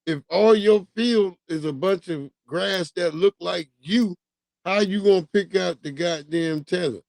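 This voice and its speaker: Man, high voice, dry close sound, profane ranting, livestream host. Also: measured pace, creaky, a little mellow, dry recording. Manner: profane, laughs through his rant. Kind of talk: casual ranting commentary.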